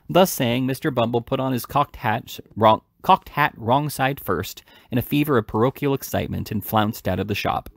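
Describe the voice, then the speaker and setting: A man reading a classic novel aloud in an unhurried, lively way, with small slips and restarts. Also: medium pitch, creaky, dry recording, studio quality. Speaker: reader.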